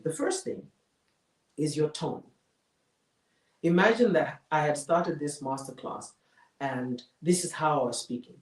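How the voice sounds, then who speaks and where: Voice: mid-range voice, a little mellow. Emphatic speaking coach in an echoey room. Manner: emphatic, repeats key phrases for effect. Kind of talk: live masterclass lecture. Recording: roomy echo, mic far from speaker.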